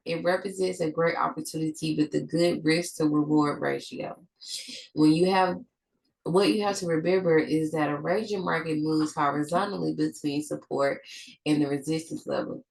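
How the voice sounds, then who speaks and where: Stuffed-up woman with a low, gravelly voice. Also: slight background noise, rough recording. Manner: reads from notes, with slips and restarts. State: stuffed-up nose. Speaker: trading educator. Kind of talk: reading a trading lesson aloud.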